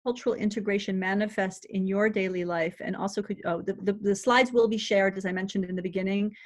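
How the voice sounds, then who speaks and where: A woman's voice: medium pitch, fairly even intonation, fairly quick. A woman moderating a webinar, politely reading out audience questions with some small hesitations.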